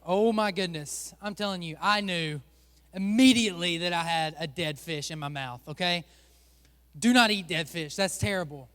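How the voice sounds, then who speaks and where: A man's voice: high-pitched, normal speed, a bit bright, clean tone, long reverb tail. A male pastor giving a playful sermon, joking and chatting with volunteers on a church stage.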